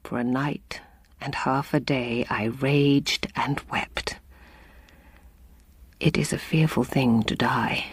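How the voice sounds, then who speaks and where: A woman giving a dramatic first-person story reading in a hushed, half-whispered delivery. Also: a bass voice, fairly even intonation, takes it slowly, pauses often, breathy edge. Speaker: audiobook reader.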